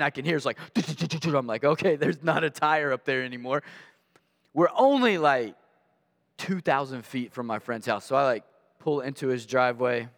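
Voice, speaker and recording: A man preaching a sermon, telling personal stories in an animated way and acting out the voices in them. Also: on the high side. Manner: animated storyteller, acts out voices in anecdotes. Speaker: guest pastor. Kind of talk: storytelling sermon. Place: church sanctuary. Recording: long reverb of a large hall.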